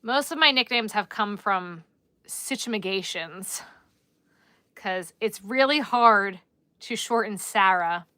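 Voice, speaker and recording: Woman, livestream host, bright crisp voice, dry close sound, chatty and laughing. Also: mid-range voice, animated, takes it slowly, dry recording. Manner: chatty, laughing, playfully trying out accents. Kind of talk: casual live-stream chat with viewers.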